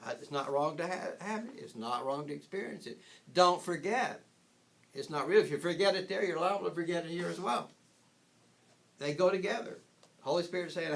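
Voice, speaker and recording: A man's voice: on the high side, brisk, fairly bright tone. An older man giving an informal spiritual talk, rambling with frequent restarts and chuckling at his own points. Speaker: spiritual teacher.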